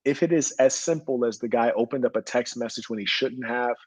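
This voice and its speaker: A man's voice: mid-range voice, fairly quick, husky, no room sound, poor audio. A man telling a rambling, indignant story in slangy speech about being held in booking. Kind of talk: storytelling rant.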